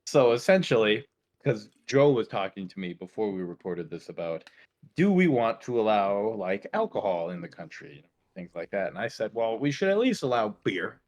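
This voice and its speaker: A young man co-hosting a casual podcast, telling stories in an animated, playful way and slipping into silly voices. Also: fairly low pitch, moderate pace. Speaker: podcast co-host. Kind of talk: casual chat.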